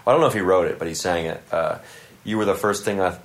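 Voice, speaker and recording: Deep-voiced comic guy shooting the breeze in a hotel room, loose and full of likes and uhs. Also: fast. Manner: loose, laid-back, many fillers. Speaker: stand-up comedian guest. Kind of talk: casual chat.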